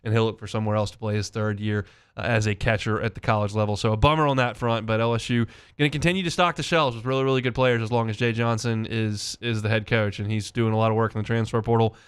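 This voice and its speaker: A man's voice: fairly low pitch, fairly even intonation, fast, clear, resonant tone. A man hosting a sports talk radio show, chatting through recruiting news and stats. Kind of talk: sports talk and live-read ads.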